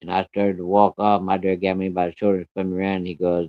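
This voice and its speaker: A man's voice: sits low, completely flat delivery, quick pace, dry recording. A man telling a personal story in a blunt, plain-spoken way, cursing freely. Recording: dry, dull lo-fi recording.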